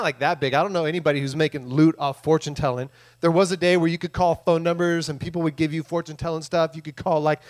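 A man preaching a loose, playful sermon in a church room. His voice sits a little high for a man, and he keeps slipping into quick impressions of the people in the story. The delivery is chatty and full of asides. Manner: jokey, animated, acts out quoted voices. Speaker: pastor. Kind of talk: casual sermon.

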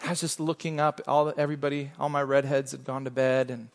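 A middle-aged man pastor preaching a sermon, telling a quiet personal story that builds into loud, fervent exhortation. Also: medium pitch, little pitch movement, quick pace. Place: church sanctuary. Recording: long hall reverb.

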